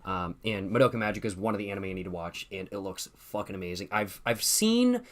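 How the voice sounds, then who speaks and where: A man's voice: fairly low pitch, sing-song, fast talker. A young man hosting a casual livestream, chatting and reading viewer comments in a loose, profane, slangy way, often repeating himself and laughing. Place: at home streaming with a drink at hand.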